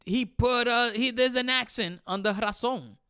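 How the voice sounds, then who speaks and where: A man's voice: very high voice, normal speed, bright, forceful tone, smooth, no room sound, studio quality. A young man hosting a casual livestream, chatting with viewers and reading their comments, switching between English and Spanish. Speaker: livestream host.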